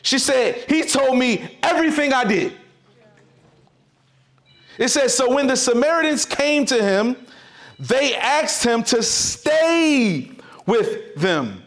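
Taking it slowly, this pastor preaches in an extremely high, sing-song voice. He is emphatic and repetitive, his volume swinging suddenly up and down.

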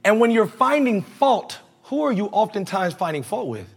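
A man's voice: high voice, big pitch swings, normal speed. A male preacher giving a conversational, slangy sermon, leading the congregation in call-and-response.

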